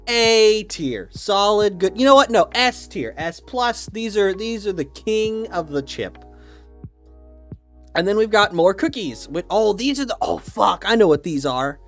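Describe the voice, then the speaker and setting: A man's voice: high voice, fairly bright tone. A man ranting casually and with mock certainty, swearing a lot and rambling through restarts. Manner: opinionated, profane, mock-dogmatic. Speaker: YouTuber ranking snacks.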